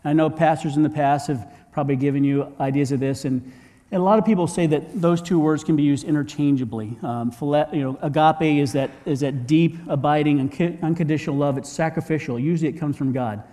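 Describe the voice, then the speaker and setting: Pastor preaching in a reverberant hall. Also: male voice, a little high, brisk, mellow. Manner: conversational preaching, rhetorical questions to the congregation; frequent word repeats and restarts. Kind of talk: sermon.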